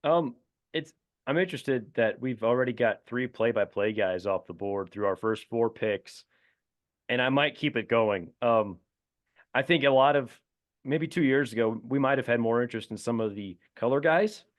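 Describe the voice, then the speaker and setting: A man's voice: medium pitch, normal speed. A man co-hosting a casual sports podcast, thinking aloud in an easygoing way. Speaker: podcast co-host.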